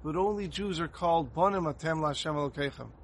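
A man giving a Torah talk as a sermon, telling a story in an earnest, animated way. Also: fairly high pitch, quick pace, a little hiss or hum.

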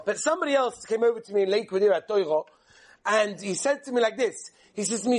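A man's voice: sits high, lively intonation, quick pace. A man, a rabbi, giving a live class, rambling and joking with his listeners between points. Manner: rambling, chatty storyteller who jokes with the room. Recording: live room with audience crowd. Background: audience murmuring and laughing.

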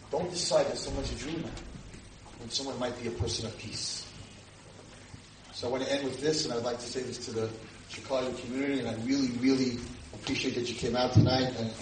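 A man teaching an audience as a rabbi, telling stories and acting out the voices of the people in them with sudden loud shouts. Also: medium pitch. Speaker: rabbi lecturer. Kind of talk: animated storytelling lecture to a live audience. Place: community hall with audience. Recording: roomy distant room mic with noise.

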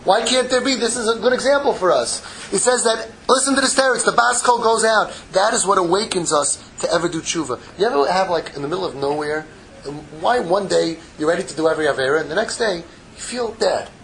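A man giving an impassioned Torah sermon, mixing Hebrew terms into English and swinging from loud pleading to hushed, intimate tones. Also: high voice, lively intonation, a little fast, slight background noise, rough recording. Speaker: rabbi giving a Torah class.

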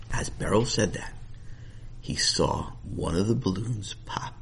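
A man telling a children's story with animated, playful narration and asides to the listener. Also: sits low, unhurried, vocal fry, breathy edge.

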